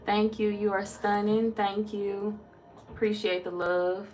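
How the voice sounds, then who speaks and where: A woman's voice: mid-range voice, level tone, slow pace, darkish tone. A woman tarot reader chatting casually on a live stream, greeting viewers by name and swearing freely.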